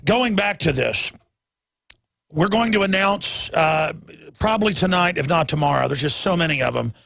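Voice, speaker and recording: A man's voice: on the high side, lively intonation, moderate pace, vocal fry, fairly bright tone, dry recording. A man hosting a call-in talk radio show, ranting in an emphatic, rambling way.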